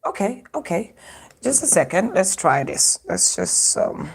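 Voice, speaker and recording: A woman's voice: medium pitch, very animated, unhurried, gravelly, breathy edge. A woman from Uganda hosting a casual live stream from her phone, chatting to viewers and laughing often. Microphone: phone microphone.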